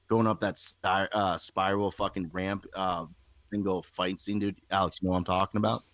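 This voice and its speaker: A man's voice: deep voice, flat delivery, normal speed, a bit bright, no room sound. A man in a casual podcast chat, enthusiastic and full of swearing. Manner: enthusiastic and profane, swears freely.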